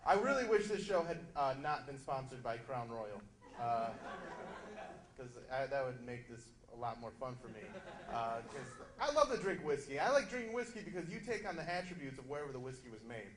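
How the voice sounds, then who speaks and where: A man doing a loud, punchy stand-up comedy set in a club, slipping into quick character voices. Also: medium pitch, big pitch swings. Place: comedy club stage before a live audience. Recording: echoey room, loud crowd laughter.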